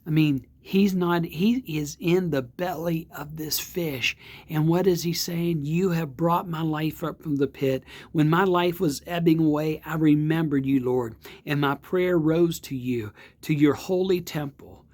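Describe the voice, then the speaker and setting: A man, a pastor, giving a devotional sermon in a slow, earnest way with emphatic repeats. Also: a little high, a little mellow. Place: outdoor or home setting, not in church.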